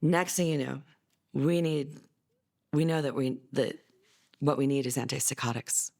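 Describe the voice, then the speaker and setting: Her voice is unhurried and dark-toned. A middle-aged mother in a documentary interview, she tells her son's story chattily, with fillers and restarts, and livens up with a higher delivery when repeating what others said.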